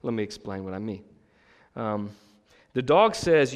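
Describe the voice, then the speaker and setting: Joking pastor in a reverberant hall. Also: male voice, fairly low pitch, expressive, measured pace, pauses often. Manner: conversational and joking, frequent checks with the audience. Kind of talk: sermon with personal stories.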